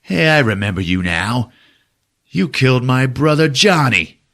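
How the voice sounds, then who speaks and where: A man's voice: mid-range voice, sing-song, unhurried, a bit bright, pitched above the performer's own voice. Man voicing a sneering cruel thug boss. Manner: taunting, sneering delivery.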